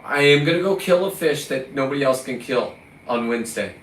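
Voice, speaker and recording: A man from California rants in a combative, profane vlog monologue, even scolding the lobsters in front of him. His voice sits at an ordinary pitch for a man. The mic is some way off, in a roomy space, with faint ambient noise behind him. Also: a little fast, distant mic. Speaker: recreational lobster fisherman.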